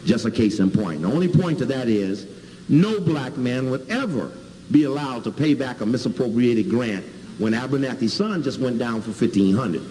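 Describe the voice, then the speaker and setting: A man's voice: medium pitch, lively intonation, moderate pace, mellow, slight background noise. A man from Chicago giving an emphatic lecture with video clips, spelling out and repeating key words. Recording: hall reverb, faint ambience.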